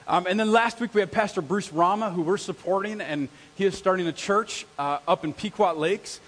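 A man's voice: high voice, normal speed. A man in his forties preaching a sermon in a church, telling stories with acted-out sounds and voices. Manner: animated storyteller, acts out sounds and voices. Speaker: pastor. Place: church sanctuary. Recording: long hall reverb.

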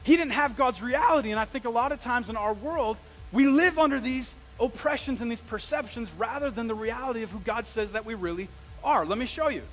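A man preaching a sermon as pastor, conversational and animated, asking the congregation questions and dropping into casual slang. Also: extremely high pitch, fairly quick, poor audio. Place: church sanctuary.

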